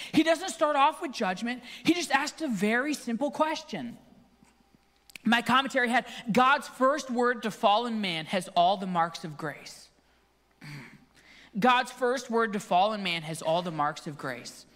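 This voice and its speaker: A man preaching a sermon in church, telling stories with animated, acted-out quotes. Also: very high voice. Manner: animated storytelling, acts out quotes. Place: church sanctuary. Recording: long hall reverb.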